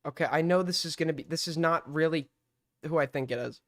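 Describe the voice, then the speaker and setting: High-voiced young male streamer. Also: fast, fairly bright tone. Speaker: streamer taking call-ins. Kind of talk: casual live-stream chat.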